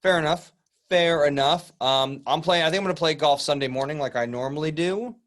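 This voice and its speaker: A man's voice: fairly high pitch, a little fast, a bit bright. A man hosting a golf podcast in casual chat, easygoing and rambling, often repeating words as he goes. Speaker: podcast host.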